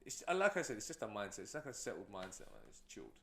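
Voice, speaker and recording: A man's voice: on the low side, huge pitch swings, racing, creaky, fairly bright tone, echoey room. A man who is a guest entrepreneur, telling stories in a casual, rambling way with many fillers. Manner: rambling, storytelling, frequent fillers. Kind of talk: casual interview talk.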